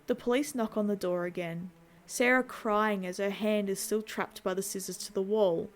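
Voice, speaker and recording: A woman's voice: medium pitch, fairly even intonation, moderate pace. Woman narrating a film recap with wry asides. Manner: wry asides between plain plot retelling. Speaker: horror channel host.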